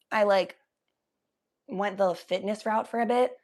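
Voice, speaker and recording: A young woman hosting a casual livestream from her room at home, talking loosely, high and coughing from smoke. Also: moderate pace. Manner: loose, chatty, often coughing between lines. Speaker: livestream host. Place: home bedroom.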